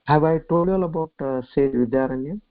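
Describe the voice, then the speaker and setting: A man with an Indian English accent giving a scripture discourse, telling a story unhurriedly with frequent pauses. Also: fairly high pitch. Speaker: spiritual discourse speaker. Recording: tinny phone-like line, dry.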